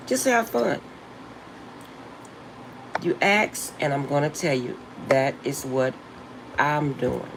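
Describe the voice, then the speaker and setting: Slow, laughing older vlogger. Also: mid-range voice, gravelly, slight background noise, rough recording. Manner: emphatic, laughs often, slangy and blunt. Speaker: channel host. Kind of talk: casual spiritual advice vlog.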